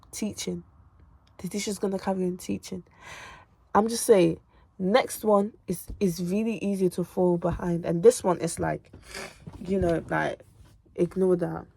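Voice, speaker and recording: A woman's voice: on the low side, gravelly, darkish tone, dry recording. A young woman, chatting casually to camera from her bedroom, emphatic and repetitive, tired from revision. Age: late teens. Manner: emphatic and repetitive, calls viewers babes and girl. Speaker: student vlogger. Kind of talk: casual direct-to-camera chat.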